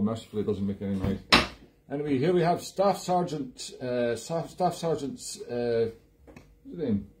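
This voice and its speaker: A man's voice: mid-range voice, warm tone, a little hiss or hum, natural voice. A man playing a blustering middle-aged Welsh army sergeant major with a put-on Welsh accent, rambling and self-mocking on a live music stream. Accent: mock Welsh. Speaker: musician host.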